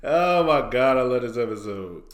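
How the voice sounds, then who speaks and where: Male podcast co-host, mid-pitched, animated storyteller, roomy echo. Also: moderate pace. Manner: animated retelling with quoted voices and laughter. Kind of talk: casual podcast recap.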